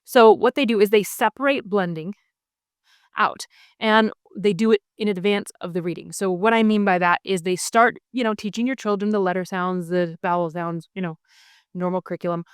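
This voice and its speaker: A woman's voice: mid-range voice, normal speed, smooth, dry recording, clean studio sound. A woman in her thirties, a homeschooling mother, talking casually and eagerly as she explains things step by step, with frequent ums. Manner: friendly, enthusiastic, explains step by step with many ums. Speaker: homeschooling mother sharing curriculum picks. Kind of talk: casual explanatory video talk.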